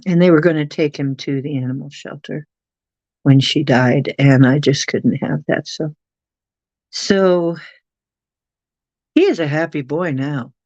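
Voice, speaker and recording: Slow, chatty livestream host, dull mic. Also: medium pitch, no room sound. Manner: rambling, chatty, reads chat aloud; coos softly at pets. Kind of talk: casual livestream chat.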